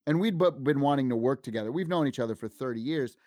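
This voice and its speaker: A man in his fifties tells animated stories as an interview guest, acting out what other people said. His voice sits at an ordinary middle pitch. It is recorded close and dry, with no room sound. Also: quick pace, dry recording. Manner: animated anecdotes, acts out quoted dialogue. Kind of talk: casual interview storytelling.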